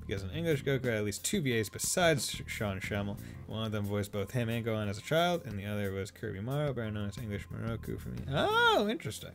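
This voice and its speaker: A man's voice: fairly low pitch, sing-song, fast, creaky, hardly any pauses, a bit bright, faint music behind. A young man rambling casually while streaming a game, full of fillers and laughs. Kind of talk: casual let's-play commentary.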